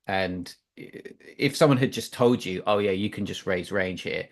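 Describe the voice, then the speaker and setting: A man's voice: low-pitched, normal speed. A man chatting casually about poker over an online call, rambling and filling gaps with "like". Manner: rambling, leans on "like" fillers.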